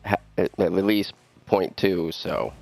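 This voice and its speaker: A man being interviewed after a race, halting and full of fillers and restarts. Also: low voice, gravelly, darkish tone, faint music behind. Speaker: racing driver.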